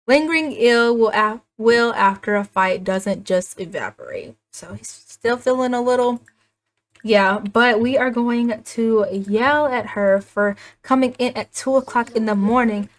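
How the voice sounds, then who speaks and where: A chatty young woman narrating her life-sim game as a story, animated and prone to laughter. Her talk is loose and casual, full of asides. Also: medium pitch. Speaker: gaming YouTuber.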